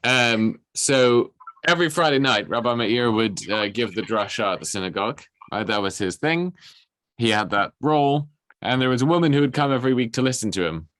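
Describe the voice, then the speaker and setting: A man's voice: mid-range voice, lively intonation, fairly quick, a bit bright, no echo. A man teaching a class in a casual, conversational way, often asking "right?" and acting out the characters' lines. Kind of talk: informal lesson retelling a story.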